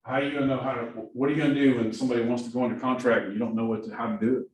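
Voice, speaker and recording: A man's voice: mid-range voice, rapid-fire. A man with a Southern accent coaching a class of new agents, keeps checking in with "right?". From Missouri. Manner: energetic, keeps asking "right?". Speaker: productivity coach. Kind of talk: classroom training talk. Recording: echoey room from far off, faint hiss.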